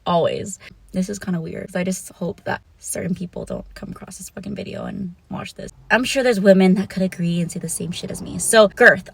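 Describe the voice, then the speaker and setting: A woman's voice: fairly low pitch, fairly bright tone, no echo. A young woman vlogging a frank, casual monologue, giggling and swearing with self-conscious asides.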